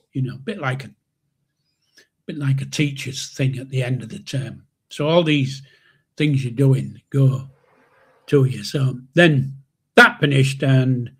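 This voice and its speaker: Older bloke rambling through a story, husky voice, takes his time. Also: medium pitch. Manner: rambling, chuckling, mild swearing. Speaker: live stream host. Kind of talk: casual storytelling.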